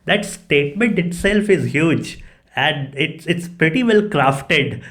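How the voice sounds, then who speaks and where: A man's voice: a little high, lively intonation, takes it slowly, a bit bright. Effusive man hosting a podcast. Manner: effusive, repeats "right?" and "cool". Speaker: podcast host. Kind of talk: casual interview.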